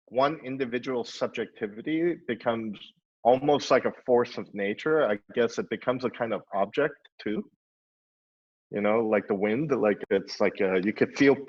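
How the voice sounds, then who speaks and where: A middle-aged man, an architect and teacher, thinking aloud in a panel discussion, full of "uh"s and "you know"s. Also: mid-range voice. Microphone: video call. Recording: dull lo-fi online call audio.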